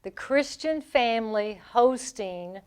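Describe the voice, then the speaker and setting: A woman's voice: on the high side, animated, a little mellow, clear, resonant tone. Chatty Southern woman radio co-host. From American South. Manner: playful, talkative, quick asides. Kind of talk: casual radio chat.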